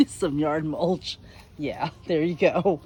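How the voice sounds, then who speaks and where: A woman's voice: sits low, very slow, dark tone, breathy edge. A middle-aged woman, chatting casually and folksily in a garden vlog, recorded outdoors in her backyard on a handheld camera. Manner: chatty, folksy, rambling with fillers. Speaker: garden vlogger.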